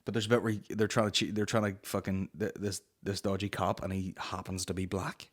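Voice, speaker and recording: A man's voice: low-pitched, flat delivery, brisk. A man in his thirties hosting a solo comedy podcast, rambling, swearing and cutting himself off. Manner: swearing, rambling, self-interrupting. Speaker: podcast host.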